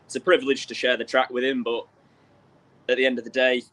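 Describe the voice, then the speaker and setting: A young man, a speedway driver, answering modestly in a casual interview with frequent pauses and ums. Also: mid-range voice, little pitch movement, fairly bright tone, a little hiss or hum, rough recording. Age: young adult. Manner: modest, hesitant, many ums.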